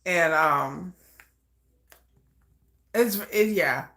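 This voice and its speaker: A chatty woman talks through a live reaction stream, her voice sitting a little low for a woman. She rambles loosely, trails off into soft asides, then pops up into excited, animated bursts. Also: extremely slow. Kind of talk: casual live reaction commentary.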